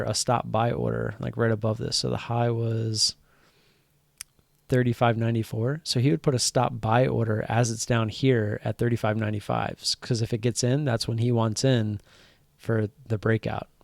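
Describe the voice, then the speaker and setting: A man's voice: mid-range voice, creaky, no room sound. A man hosting a casual stock trading live stream, rambling with frequent fillers and restarts.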